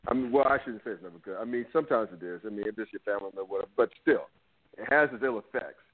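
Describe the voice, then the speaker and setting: Opinionated man on a tinny phone line. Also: medium pitch. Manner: opinionated, chuckling asides. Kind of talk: casual sports podcast chat.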